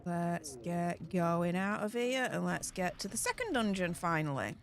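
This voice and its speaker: Excitable Yorkshire woman chatting over a game. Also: on the low side, unhurried. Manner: excitable, chatty, laughs often. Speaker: channel host. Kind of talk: casual gaming commentary with political chat.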